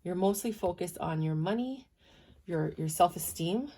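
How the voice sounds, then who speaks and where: A tarot reader gives a casual, chatty reading, speaking straight to her viewers with emphatic speech she calls cheerleader-like. Her fairly low voice is expressive and dark in tone at a normal speed.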